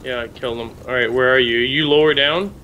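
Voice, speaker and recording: A man's voice: mid-range voice, steady tone, fairly quick, bright, forceful tone, slight background noise. Easygoing man chatting through gameplay. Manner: easygoing, calls his partner "friend". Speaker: co-op gaming channel host. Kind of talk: casual gameplay chat.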